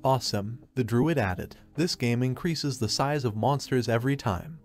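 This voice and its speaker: A man narrating an anime story recap, reading every character's lines in the same even voice. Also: mid-range voice, normal speed, faint music behind. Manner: reads all characters' lines in one even voice. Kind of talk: scripted narration.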